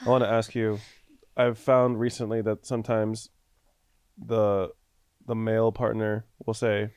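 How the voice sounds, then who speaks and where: Blunt, swearing man, lowish voice. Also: level tone, a little slow, darkish tone, clear, resonant tone, no echo, studio quality. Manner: blunt, joking, swears casually. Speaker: podcast co-host. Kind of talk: casual chat.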